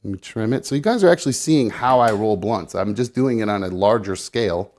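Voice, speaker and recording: A man's voice: fairly low pitch, lively intonation, a little fast, darkish tone. A man chatting casually on a live show, narrating what he is doing as he goes, swearing and rambling and slightly out of breath. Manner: rambling, swearing, self-narrating while rolling. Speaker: live show guest rolling a blunt. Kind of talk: casual live-stream chat.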